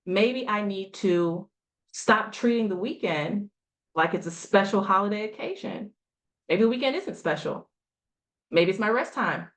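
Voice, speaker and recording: A woman's voice: mid-range voice, animated, measured pace. A woman gives a motivational coaching talk to a group. She speaks emphatically, asks rhetorical questions and repeats short lines for effect. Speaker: health coach.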